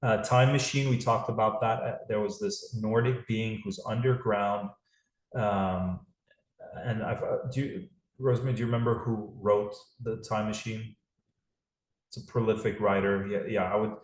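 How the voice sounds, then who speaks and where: A man's voice: fairly low pitch, fairly even intonation, moderate pace, roomy sound, low-quality recording. A man hosting a live call series, talking in a rambling, casual way with many restarts. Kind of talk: casual livestream talk.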